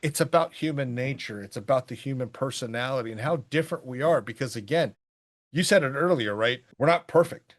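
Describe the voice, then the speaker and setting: A middle-aged man co-hosting a podcast, chatting casually about a film in a rambling, animated way. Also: medium pitch, a little fast. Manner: rambling, animated, bursts into quoted voices. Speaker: podcast co-host. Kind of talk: casual movie review chat.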